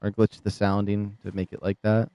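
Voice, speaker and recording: A man's voice: on the low side, monotone, moderate pace, dark tone, clean tone, no echo, muffled recording. A man streaming a video game live, chatting casually and rambling, often laughing, on a desk microphone. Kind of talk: casual live gameplay commentary.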